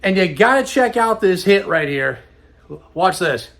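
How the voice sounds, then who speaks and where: A middle-aged man talks through his vlog in a loose, rambling way with an upbeat lift. His voice sits high for a man. He sounds tired and a little worn. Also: very animated, normal speed, fairly bright tone. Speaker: host. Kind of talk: casual vlog chat.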